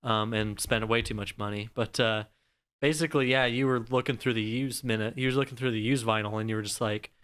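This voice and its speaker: A man's voice: fairly low pitch, steady tone, a little fast, fairly bright tone, clear, resonant tone. A young man co-hosting a podcast, chatting in a laid-back way, laughing often and saying "like" a lot. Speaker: podcast co-host. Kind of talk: casual chat.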